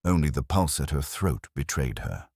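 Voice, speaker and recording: A male narrator tells a period mystery in measured, literary storytelling. His voice is extremely deep and husky, with a lively, expressive melody. It is recorded close and dry, with no room sound. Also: dry recording. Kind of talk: scripted audiobook narration.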